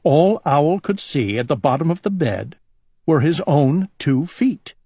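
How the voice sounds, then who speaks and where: A man reading a children's storybook aloud in a calm, gentle, unhurried way. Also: fairly high pitch, husky, no room sound, clean studio sound.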